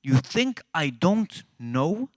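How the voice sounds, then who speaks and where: A man's voice: on the high side, sing-song, measured pace, no room sound, pitched above the performer's own voice. A man putting on the voice of an angry male ambassador who lectures emphatically. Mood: indignant. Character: angry, loud middle-aged male African ambassador.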